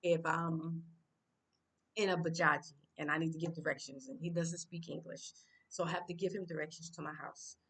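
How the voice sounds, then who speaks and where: Low-voiced woman vlogging casually. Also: fairly even intonation, slightly rough. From United States. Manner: unscripted, halting with many fillers and restarts; speaks Swahili phrases louder and higher. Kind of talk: casual vlog talk.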